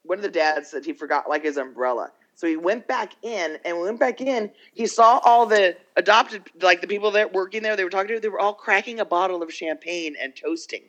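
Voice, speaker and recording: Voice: medium pitch, a little fast, hardly any pauses, a bit bright, rough recording. A podcast co-host chatting casually, rambling through a story, acting out the quotes and swearing freely. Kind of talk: casual chat, retelling a documentary.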